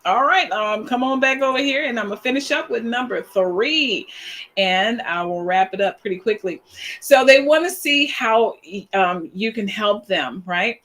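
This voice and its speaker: A woman in her fifties talking casually to her followers on a live stream, telling stories with animation and laughing easily. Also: mid-range voice. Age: 50s. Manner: animated storytelling, acts out quoted voices; chatty with fillers and laughs. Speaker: social media coach.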